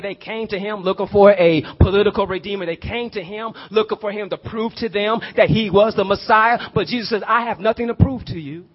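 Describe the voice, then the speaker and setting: High-voiced preacher man, lo-fi sound. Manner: swings from hushed prayer to shouted emphasis; uses y'all and call-and-response questions. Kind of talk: sermon.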